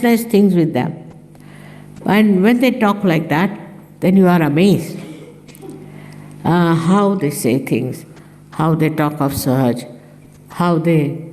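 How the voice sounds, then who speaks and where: A woman's voice: darkish tone, slight background noise. An older woman giving a conversational spiritual talk, telling anecdotes and acting out the voices of the people in them. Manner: conversational, tells anecdotes, acts out quoted speech in a higher voice. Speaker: spiritual teacher. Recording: archive recording in a reverberant hall.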